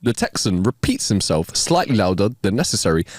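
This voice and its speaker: Podcast co-host, man, very lively pitch, dry close sound, reads jokes and cracks up. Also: a little fast, few pauses, no echo. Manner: animated, laughs a lot while reading jokes. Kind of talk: casual joke-telling chat.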